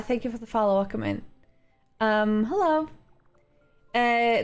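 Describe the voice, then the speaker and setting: Chatty rambling woman streamer. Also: fairly high pitch. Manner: rambling, giggly, thinks aloud with many fillers. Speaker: livestreamer. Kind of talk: casual chat with live viewers. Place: home, indoors.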